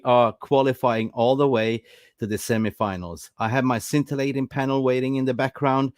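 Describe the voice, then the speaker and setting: A man hosts a live football chat show, upbeat and hyping his panel. His voice sits at an everyday middle pitch, recorded close and dry with no room sound. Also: normal speed, dry recording. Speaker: host.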